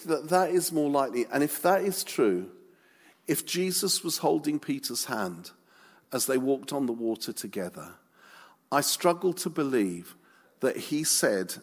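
A man's voice: medium pitch, very animated, unhurried, breathy edge. A man preaching a sermon in a chatty, humorous way with light asides.

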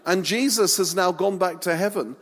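A man's voice: high voice, normal speed, in a large hall, voice pushed up. A man playing a smug boasting fisherman. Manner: self-satisfied, repeats his boasts, chatty. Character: boastful male fisherman apostle, smug and showing off.

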